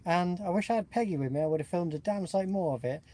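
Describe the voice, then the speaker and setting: A chatty man from Nottingham co-hosts a casual livestream. His voice is mellow and relaxed, and he rambles easily from story to story. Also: high-pitched, fast talker. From England (Nottingham). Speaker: co-host.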